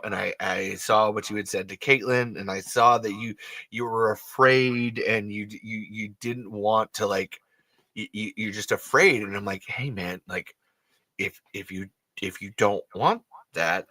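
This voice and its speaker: Bright-voiced, profane podcast host. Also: male voice, fairly low pitch, no echo. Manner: animated, profane, laughs often, rambling restarts. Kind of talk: casual podcast chat.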